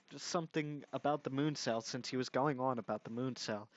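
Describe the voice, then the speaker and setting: A man's voice: mid-range voice, dry recording. A young man ranting in a commentary video, exasperated and mocking, swearing at someone he disagrees with. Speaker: commentary youtuber. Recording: dull lo-fi dry mic.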